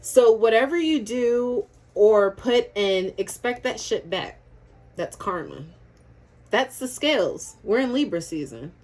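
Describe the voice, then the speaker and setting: A woman's voice: medium pitch, darkish tone. A woman giving a casual tarot reading to camera, chatty and spiritual, laughing often and swearing casually. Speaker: tarot reader.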